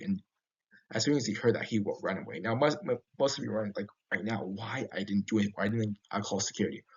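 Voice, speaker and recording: A man narrates first-person horror tales with a husky, slightly low voice. He talks haltingly, backing up and restarting his sentences. The recording sounds dull and lo-fi. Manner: halting, with frequent restarts and fillers.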